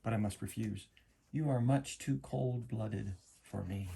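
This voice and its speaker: A man's voice: lowish voice, lively intonation, fairly quick, vocal fry, dark tone, husky, exaggerated voice. A man voicing a proud young female cockroach in a read-aloud storybook, dry and prim. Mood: icy.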